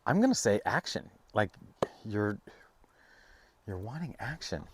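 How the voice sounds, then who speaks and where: A man giving a casual, rambling tarot reading, full of fillers and restarts, now and then breaking into high, playful bursts. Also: sing-song, measured pace, slight background noise. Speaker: tarot reader.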